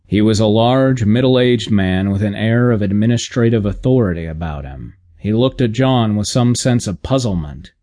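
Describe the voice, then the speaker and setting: A man narrating a humorous audiobook in a measured, deadpan reading. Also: lowish voice.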